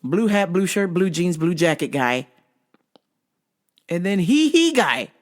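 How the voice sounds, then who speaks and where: A woman's voice: lowish voice, lively intonation, measured pace. A woman hosting a show, telling work stories in a casual, exasperated, heavily profane way. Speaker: host. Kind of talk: casual comedic storytelling.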